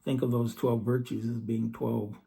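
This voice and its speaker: A man giving an earnest scripture study talk, reading verses slowly and then explaining them. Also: medium pitch, little pitch movement, vocal fry, warm tone. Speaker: religious teacher.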